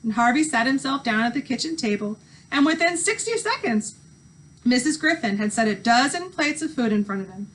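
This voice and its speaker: Expressive woman reading a story aloud. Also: fairly high pitch, a little fast, slight background noise, rough recording. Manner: expressive read-aloud narration.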